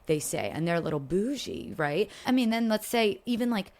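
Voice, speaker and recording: A young woman from Philadelphia chatting as a podcast guest, animated, cursing freely and laughing often. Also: medium pitch, brisk. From Philadelphia, USA. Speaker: podcast guest, content creator. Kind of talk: casual chat.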